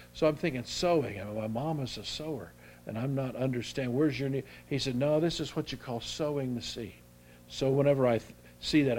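An older man preaching a sermon in a folksy, halting way, restarting his sentences often and rising in pitch and volume as he presses a point. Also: a little mellow. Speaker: pastor.

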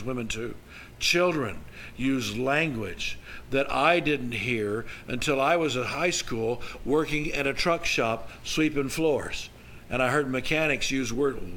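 A man's voice: on the high side, bright, forceful tone, a little hiss or hum, poor audio. Older man preaching a folksy sermon. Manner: folksy storytelling with emphatic rises. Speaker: pastor.

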